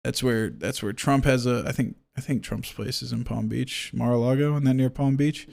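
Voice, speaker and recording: A man's voice: medium pitch, fairly even intonation, moderate pace, gravelly, a little mellow. A man from Florida with a neutral accent, chatting about games at home in a joking, irreverent way, swearing freely and slipping into mock rants. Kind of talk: casual gaming chat.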